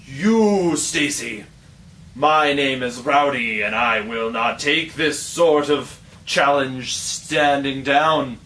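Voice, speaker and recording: A man doing a defiant young boomerang hero. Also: lively intonation, slow pace, pushed and bright. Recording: distant mic with faint ambient noise.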